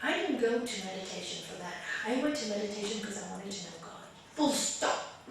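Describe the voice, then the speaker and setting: A woman raja yoga teacher giving a spiritual talk to a small group, chatty and lively, often laughing as she tells stories. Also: mid-range voice, fairly quick, creaky, background noise. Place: meditation group room. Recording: echoey room, voice picked up from a distance.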